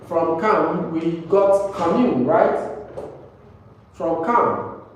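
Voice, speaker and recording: Male classroom teacher, fairly high voice, drills words, far from the mic with faint noise. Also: extremely slow, very echoey. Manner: repetitive, checks understanding with "right?". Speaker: English teacher. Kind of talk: classroom lesson.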